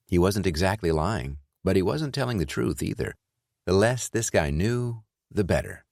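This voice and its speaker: Male narrator, thriller audiobook, very deep voice, dry booth, measured delivery. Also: no room sound. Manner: measured, even reading. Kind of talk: scripted narration.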